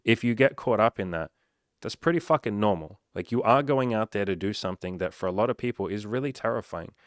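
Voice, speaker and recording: A man's voice: fairly low pitch, no room sound, clean studio sound. A man talking as a dating coach in a casual, blunt monologue full of swearing. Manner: blunt and profane, conversational.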